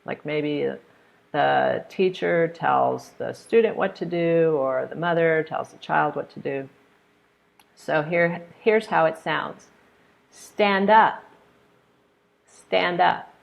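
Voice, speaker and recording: A woman's voice: sits low, takes it slowly, creaky, dull audio. An American woman teaching pronunciation in a live online lesson, patiently demonstrating intonation with examples. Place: hot room.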